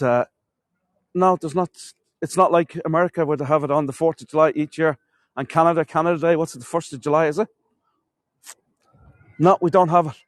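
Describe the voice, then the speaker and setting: A man's voice: a little high, no room sound. Chatty Irish tour guide man. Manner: chatty storyteller, addresses viewers as folks. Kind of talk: live walking-tour stream. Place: castle courtyard outdoors.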